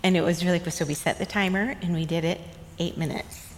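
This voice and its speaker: A middle-aged woman telling motherhood memories in a tender, reflective way, often laughing softly. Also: lowish voice, steady tone, fast talker, a little hiss or hum. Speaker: guest sharing motherhood memories. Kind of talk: casual storytelling chat. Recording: long room reverb, faint ambience.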